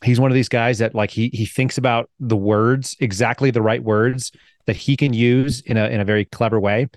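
A man hosting an interview, brisk and blunt, telling anecdotes to make his point. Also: medium pitch, steady tone, dry recording, clean studio sound. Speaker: podcast host. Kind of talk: conversational interview.

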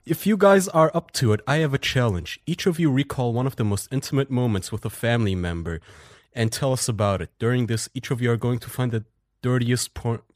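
A man's voice: medium pitch, fairly quick, hardly any pauses, dry recording, studio quality. A man co-hosting a podcast, blunt and crude in casual chat. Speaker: podcast co-host.

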